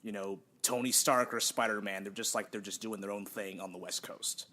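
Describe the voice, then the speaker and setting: A young man co-hosting a casual podcast chat, talkative, self-deprecating and quick to laugh. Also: lowish voice, steady tone, sharp tone. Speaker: podcast co-host.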